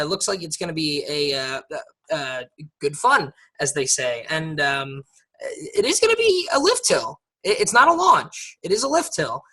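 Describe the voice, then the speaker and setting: American man, podcast co-host, bright tone, loose chatty delivery full of ums. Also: a little high. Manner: chatty, many fillers and restarts. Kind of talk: casual chat.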